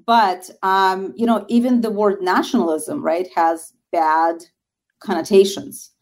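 A woman's voice: mid-range voice, steady tone, measured pace, a little mellow. A woman with a Russian accent, a guest speaking earnestly and emphatically about her organization in an interview. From former Soviet Union. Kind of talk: interview conversation.

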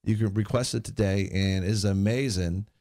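Male promo speaker, lowish voice, halting delivery, dry recording. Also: fairly even intonation, darkish tone, no room sound. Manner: halting, with many restarts. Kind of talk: promotional pitch.

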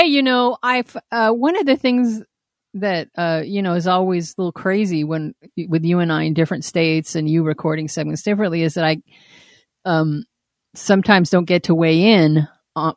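Woman podcast co-host, teasing and quick to laugh, dry close sound. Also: lowish voice, dry recording. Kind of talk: casual chat. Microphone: home laptop recording.

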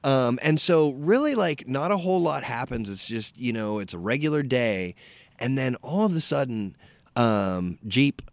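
A young man co-hosting a casual podcast, retelling a horror film plot in an animated, profane way and acting out quotes. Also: mid-range voice, normal speed, no echo. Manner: animated storyteller, swears freely, acts out quotes. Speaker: podcast co-host. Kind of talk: casual movie recap chat.

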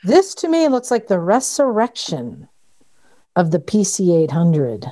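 Lively chatty woman co-host. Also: on the low side, a little slow. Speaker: podcast co-host. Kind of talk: casual chat.

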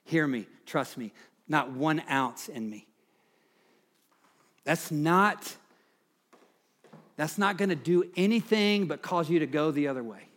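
Impassioned pastor preaching slowly. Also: male voice, fairly high pitch, expressive, a bit bright. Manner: impassioned preaching, rising emphatically on key phrases. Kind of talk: sermon.

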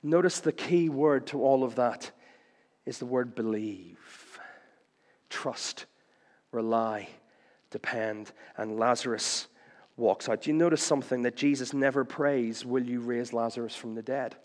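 A man preaching a sermon, swinging between loud declarations and hushed lines, with playful rhymes and punchy questions. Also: mid-range voice, unhurried, in a large hall.

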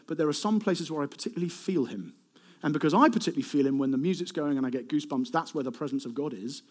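A man preaching a sermon to a live congregation, animated and conversational, with asides to the crowd. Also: high voice, quick pace. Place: warm hall with a live congregation.

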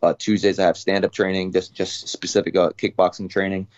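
A young adult man, a fighter guest, talking through his training routine in a relaxed, casual way. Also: sits low, muffled recording. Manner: relaxed, talks fast with fillers and restarts. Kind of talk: casual interview.

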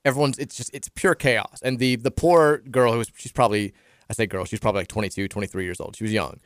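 A man's voice: medium pitch, fairly even intonation, fast talker, no echo, clean studio sound. A middle-aged man from Kentucky with a subtle Southern accent, co-hosting a radio show and rambling through stories with lots of restarts. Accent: Southern American, subtle. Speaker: radio co-host. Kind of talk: casual chat.

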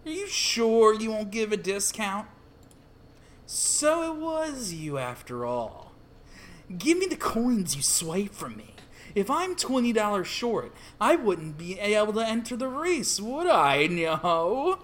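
A man's voice: high voice, very animated, slow pace, a bit bright, voice pushed up, full character voice. A man doing Gyro Zeppeli, a cocky raised-voice cowboy. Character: cocky swaggering male cowboy racer.

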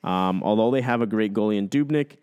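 Easygoing low-voiced man, hockey talk. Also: brisk, a little mellow, clear, resonant tone. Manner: agreeable, easygoing, lots of backchannel. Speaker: hockey podcast co-host. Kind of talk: casual sports chat.

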